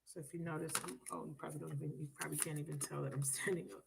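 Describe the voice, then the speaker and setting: Racing through her words in a low, flat voice with vocal fry, a woman reads tarot live from home over heavy background noise. The chat is casual and blunt, full of swearing, and she addresses viewers as baby.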